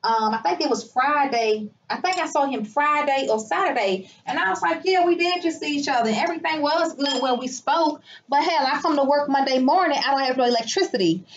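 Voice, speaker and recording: A woman vents in a casual vlog recorded inside her clinic. She sounds indignant and animated, slipping into the voices of the people she quotes, her voice sitting a little high. The recording is dull and lo-fi, as if the highs were cut off. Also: a little fast, few pauses, a little hiss or hum. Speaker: business owner and healer. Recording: muffled lo-fi sound.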